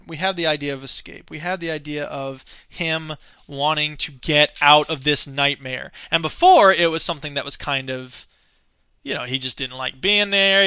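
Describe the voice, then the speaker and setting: A male teacher walks through a film scene by scene in a loose, unscripted lecture. He stalls often on "uh" and "um" while he digs through his notes. His voice is a bit high and bright, and the recording is dry and close. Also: smooth, no echo. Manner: hesitant, many fillers, searching through notes.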